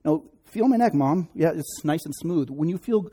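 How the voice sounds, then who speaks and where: A man's voice: a little high, lively intonation, moderate pace, dark tone, husky. A man doing a sly scheming twin brother. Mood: coy. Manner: sly, bargaining.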